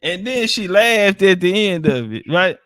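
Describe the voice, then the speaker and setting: A man's voice: high voice, big pitch swings, unhurried, fairly bright tone, no room sound, studio quality. A man giving casual, profane commentary on clips, laughing and mocking as he talks. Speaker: online commentator.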